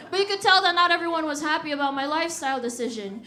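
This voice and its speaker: A young woman from the Washington D.C. area doing stand-up on a live stage. Her voice sits high and sounds bright and sharp. She works the crowd with animated, punchy delivery. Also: fast talker, few pauses. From Washington D.C. / Virginia area, USA. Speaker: stand-up comedian. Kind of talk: stand-up comedy set. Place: live comedy venue.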